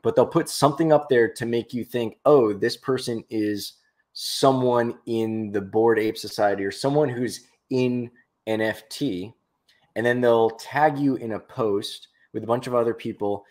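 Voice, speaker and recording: A man's voice: mid-range voice, a little slow, darkish tone. A man co-hosting a casual podcast chat, rambling and jokey, often correcting himself mid-sentence. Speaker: podcast co-host.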